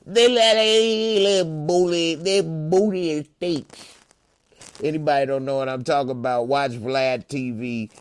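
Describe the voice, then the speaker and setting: A man's voice: on the high side, measured pace, clean tone. Laid-back joking male stream host. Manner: laid-back, joking, reads chat comments. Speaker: podcast host. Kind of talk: casual live-stream chat.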